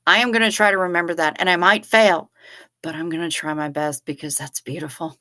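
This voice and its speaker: Woman streamer rambling, lots of cussing, kinda low voice but bright, takes her time. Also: normal speed. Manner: chatty, profane, joking. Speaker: live stream host reading chat. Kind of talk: casual chat.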